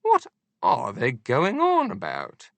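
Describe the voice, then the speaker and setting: A man's voice: fairly high pitch, huge pitch swings, takes it slowly, gravelly, no room sound, voice pushed up, exaggerated voice. A man voicing an elderly, fussy Queen of England in an audiobook, with a prim, fluttery upper-class manner. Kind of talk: audiobook character voice.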